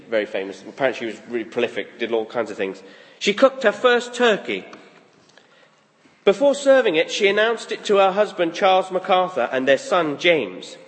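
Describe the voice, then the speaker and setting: A man preaches in a high, very animated voice, swooping up and down as he talks plainly with his congregation. His words ring out with the long reverb of a large church hall. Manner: lively, conversational, acts out quoted thoughts. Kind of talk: sermon.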